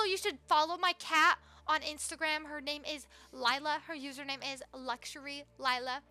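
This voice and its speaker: High bright excitable young woman streamer. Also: moderate pace, few pauses. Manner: excitable, gushing, talks to chat. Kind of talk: live game stream chat.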